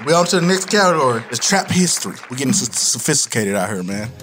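A man's voice: mid-range voice, very animated, fast talker, fairly bright tone. A man hosting a trivia game among friends in a casual chat, playful and teasing. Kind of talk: casual podcast chat, quizmaster.

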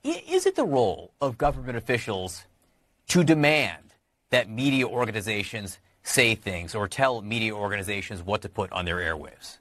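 Man, low voice, lively intonation, pointed question, dry sound. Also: moderate pace, dry recording. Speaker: questioner in a played news clip. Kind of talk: formal question.

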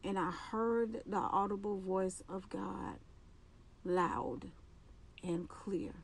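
Slow, earnest woman giving a faith testimony. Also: mid-range voice, gravelly, slightly rough. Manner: earnest, halting, with restarts and repetitions. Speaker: podcast host.

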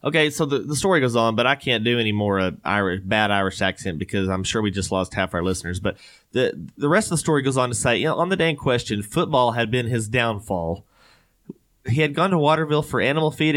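A man's voice: mid-range voice, a bit bright. A man, co-hosting a casual chat in which he reads odd news stories with joking, rambling asides and frequent laughs. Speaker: podcast co-host.

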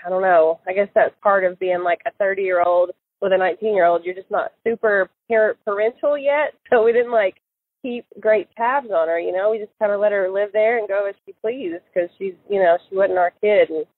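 A woman's voice: medium pitch, a little fast. A woman recalling events in an interview, hesitant, with many fillers and restarts. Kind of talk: casual recorded interview. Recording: tinny phone-line sound, dry.

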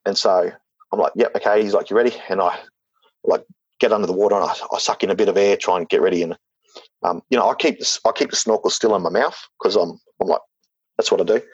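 A man's voice: deep voice, quick pace, husky, dry recording, dull audio. A man telling a story in casual talk, rambling with lots of fillers and restarts. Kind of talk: casual spoken anecdote.

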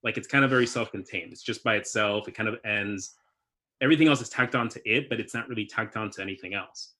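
A young man chatting casually about movies, animated and quick to laugh. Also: fairly low pitch.

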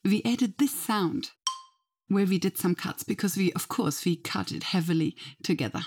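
An Australian woman hosting a podcast, earnestly recommending other shows in a measured way. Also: mid-range voice, darkish tone, a little hiss or hum. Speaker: podcast host.

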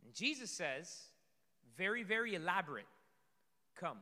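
Animated preaching man in a reverberant hall. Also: high-pitched, normal speed. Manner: animated, swings between loud emphasis and soft asides. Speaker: pastor. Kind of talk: sermon. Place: church sanctuary. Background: congregation.

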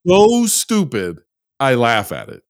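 A man's voice: medium pitch, takes it slowly, no echo, studio quality. A man hosting a casual podcast chat, speaking sardonically. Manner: sardonic, animated. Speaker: podcast host.

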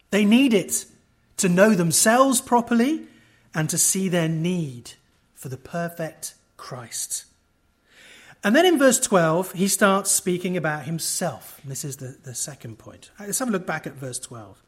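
A man preaching an expository sermon at a conference, emphatic, with wide swings in loudness and wry asides to the audience. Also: on the high side, big pitch swings, unhurried, long pauses, breathy edge.

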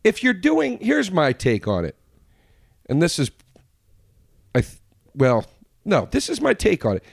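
A man's voice: sits high, gravelly, slightly rough, dry recording. Guy cohosting a comedy podcast, voice bouncing all over, swears a lot, dry close mic. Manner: animated, swears freely, jumps into quick impressions. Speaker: podcast co-host. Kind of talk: casual comedy podcast chat.

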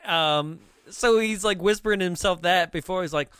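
A man's voice: sits high, normal speed, fairly bright tone, clean tone, no echo, clean studio sound. A man co-hosting a casual movie talk, chatty and laughing often as he mocks scenes.

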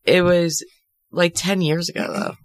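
A woman's voice: fairly low pitch, steady tone, a little slow, no echo. A woman co-hosting a casual podcast chat, telling a story with lots of fillers and laughter. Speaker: podcast co-host.

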